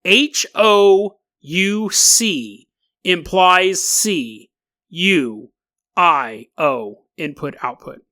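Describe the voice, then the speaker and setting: Lively, bright-voiced male podcast host. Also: high voice, extremely slow. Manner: animated, mocking, laughs often while reading. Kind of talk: comedic podcast monologue.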